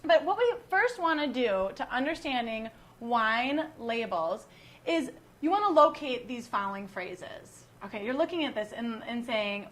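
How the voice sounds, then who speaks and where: High-voiced joking American wine teacher woman. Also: animated, unhurried, a bit bright. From United States. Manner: chatty, joking, teasing. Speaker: wine educator and host. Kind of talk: casual online wine class.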